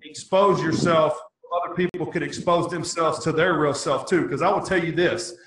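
A man's voice: on the high side, fairly even intonation, moderate pace, a bit bright. Affirming man heard from across a room. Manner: reflective, affirming. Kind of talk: casual interview chat. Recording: roomy, distant mic with faint noise.

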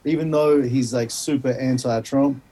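A man's voice: medium pitch, fairly even intonation, moderate pace, dark tone, slightly rough. A man, a podcast guest on a video call, chatting casually, laid back, swearing a lot and trailing off with a laugh.

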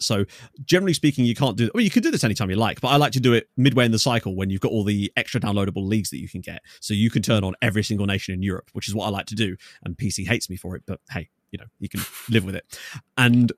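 A man's voice: on the low side, no echo, clean studio sound. A man talking as a podcast guest, explaining his game ideas in long, enthusiastic, rambling stretches. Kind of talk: casual podcast chat.

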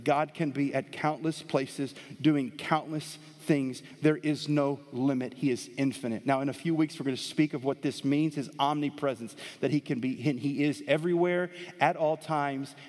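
A man preaching a sermon as pastor, animated, swinging between soft and loud emphasis, in a church with a live audience. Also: medium pitch. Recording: long hall reverb.

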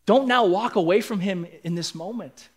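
Earnest male pastor, slightly high voice. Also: moderate pace, slightly rough. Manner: earnest, building emphasis, acts out quoted lines. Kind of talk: sermon. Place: church sanctuary.

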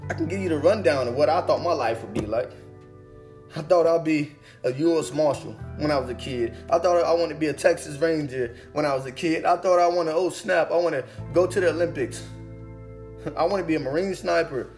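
A man's voice: on the high side, brisk. A young man giving an inspirational testimony talk, speaking with an earnest, preaching cadence that repeats phrases. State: emotional, holding back tears. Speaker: motivational speaker. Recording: faint guitar music behind. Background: soft guitar music.

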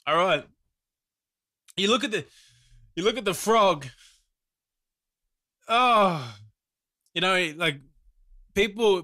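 A man streaming live, reacting to videos with loud exclamations, groans and a lot of swearing. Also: fairly high pitch, no echo, studio quality.

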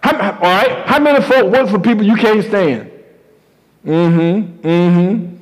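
A preacher with a high, ringing voice drives home his points, repeating key lines for emphasis. His sermon storytelling carries a long hall reverb behind every phrase. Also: slow pace.

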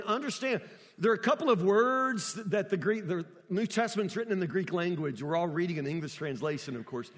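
A man preaching a sermon, emphatic and repetitive, rising at times to near-shouts. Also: high-pitched, in a large hall.

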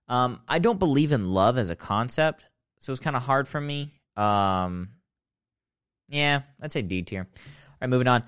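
Ranking films on his podcast, this man speaks smoothly in a medium pitch with a fairly bright tone. He rambles through a sarcastic, mock-serious comic rant punctuated by abrupt outbursts.

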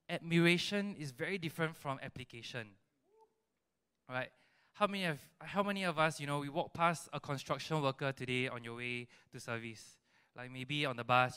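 A man with a Singaporean English accent delivers a sermon to a youth congregation, in an animated style that keeps checking in with the crowd. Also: a little high, clean tone. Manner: animated preaching with frequent "right?" and "you know" tags. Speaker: youth preacher. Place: church service hall.

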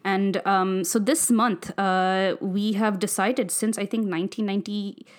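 A woman co-hosting a podcast in a relaxed, chatty way. Her voice sits mid-range for a woman. She moves between reading announcements aloud and frank, joking asides. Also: mid-range voice, unhurried. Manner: chatty, reads notes aloud, candid. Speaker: podcast co-host. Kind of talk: casual chat. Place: home studio in Vancouver.

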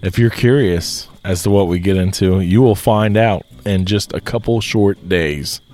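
A laid-back man co-hosts a casual podcast. His voice sits somewhat low and he often answers in short agreements. Faint music sits underneath. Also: a little slow, darkish tone. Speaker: podcast co-host.

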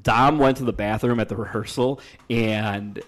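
A young man with a slightly low voice chats on a podcast. He tells stories with animated energy, voicing the people he quotes and swearing casually. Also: normal speed. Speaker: podcast co-host. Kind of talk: casual storytelling chat.

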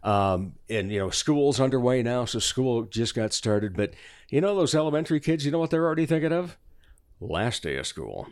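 Animated man telling a joke on air. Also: medium pitch, clear, resonant tone, dry recording, clean studio sound. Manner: animated storyteller, rapid spelling patter, laughs often. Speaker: guest performer and podcaster. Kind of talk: casual studio chat, telling a long joke. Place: radio studio. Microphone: studio microphone.

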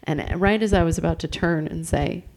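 A woman's voice: low voice, brisk, vocal fry, a little mellow, a little hiss or hum. Chatty woman telling funny stories. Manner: chatty storyteller, acts out exchanges. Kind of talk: casual chat.

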